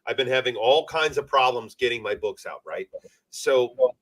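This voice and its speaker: A man's voice: mid-range voice, moderate pace, fairly bright tone. Passionate, emotional man guest. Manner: passionate, emotional, swears freely. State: teary-eyed. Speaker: guest, comic publisher. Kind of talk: casual podcast chat.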